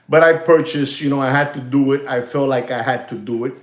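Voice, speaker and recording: A man's voice: medium pitch, flat delivery, moderate pace, echoey room. A man hosting a live watch market stream, in a hyped, repetitive salesman patter full of fillers. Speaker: watch channel host.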